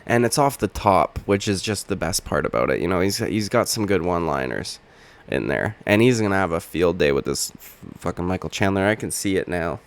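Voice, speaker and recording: Young male vlog host, low-pitched and hoarse; loose, profane, wisecracking delivery. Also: animated, a little fast. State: hoarse from just waking up. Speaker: channel host. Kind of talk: casual reaction vlog.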